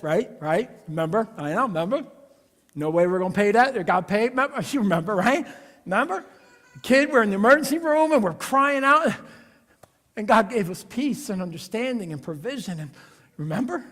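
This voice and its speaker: A man preaching a Christmas Eve sermon in a church, conversational and personal, dropping to hushed lines and rising to loud, playful asides. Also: high-pitched. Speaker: pastor. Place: church sanctuary. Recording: long hall reverb of a church.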